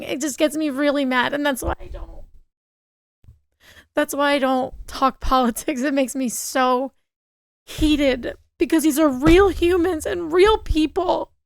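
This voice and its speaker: A woman's voice: high voice, steady tone, unhurried, vocal fry, no echo, clean studio sound. A woman co-hosting a casual podcast chat, talking in an impassioned, heated way, swearing and stammering. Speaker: podcast co-host.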